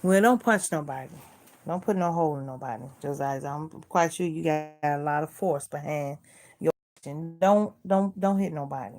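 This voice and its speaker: A woman's voice: low-pitched, moderate pace, darkish tone. A middle-aged woman vlogger in casual chat, earnestly preaching life advice and repeating herself.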